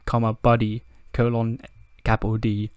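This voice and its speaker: A man's voice: mid-range voice, completely flat delivery, moderate pace, a little mellow, clear, resonant tone, no room sound. Chatty man commentating a wrestling sim game. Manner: chatty, laughs at himself, reads out scores. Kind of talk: casual let's-play commentary.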